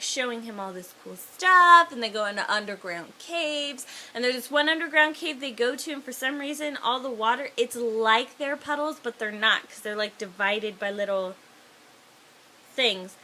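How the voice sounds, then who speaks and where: Bright, high-voiced woman rambling through a story. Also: a little hiss or hum. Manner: rambling, full of "like" and "um". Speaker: vlogger. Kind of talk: casual film retelling.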